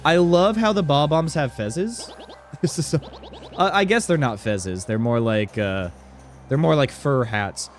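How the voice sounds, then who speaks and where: A man's voice: on the high side, lively intonation, measured pace, faint music behind. A man streaming a game, giving chatty, jokey commentary full of fillers. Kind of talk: casual let's-play commentary.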